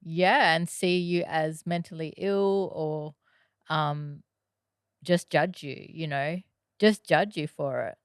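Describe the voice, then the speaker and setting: A woman's voice: deep voice, steady tone, slow, smooth, no echo, clean studio sound. A woman co-hosting a casual podcast, discussing a film and often agreeing with her partner. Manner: agreeable, frequent affirmations and fillers. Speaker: podcast co-host.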